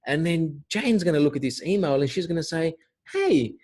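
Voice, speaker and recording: A man's voice: a little high, a little fast, darkish tone. Chatty man teaching security. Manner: loose, chatty, many fillers and restarts. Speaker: cybersecurity instructor. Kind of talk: informal recorded lesson.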